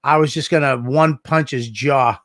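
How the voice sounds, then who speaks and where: A man co-hosting a podcast, telling stories in a casual, animated way, swearing and acting out what people said. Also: mid-range voice, moderate pace, no room sound. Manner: animated storyteller, swears a lot, acts out dialogue. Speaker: podcast co-host. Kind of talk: casual chat.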